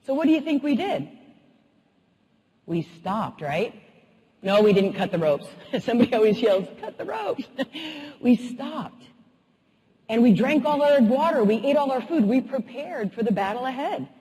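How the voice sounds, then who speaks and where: A woman motivational speaker telling a humorous, animated story in a keynote talk. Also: a little high, unhurried, pauses often, a little hiss or hum. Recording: husky voice in a reverberant hall.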